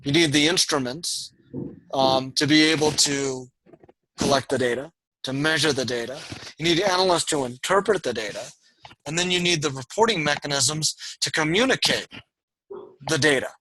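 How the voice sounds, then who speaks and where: A man's voice: a little high, moderate pace, bright, forceful tone, rough recording. A man lecturing an online university class in a discursive way, with frequent fillers and restarts.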